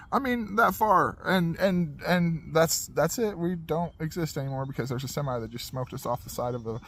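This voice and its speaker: Storytelling man, a touch higher-pitched than usual, animated, acts out scenes and sound effects in a casual telling. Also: a little hiss or hum. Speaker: podcast host telling a life story.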